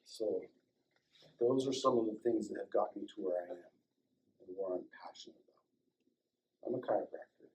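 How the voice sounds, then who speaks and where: An older man recounts a personal story in an animated way. He acts out the dialogue in raised voices and drops to a near-whisper at the tender moments. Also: lowish voice, normal speed, pauses often, rough recording. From Colorado, United States. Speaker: chiropractor and guest speaker. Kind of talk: storytelling talk to a small audience.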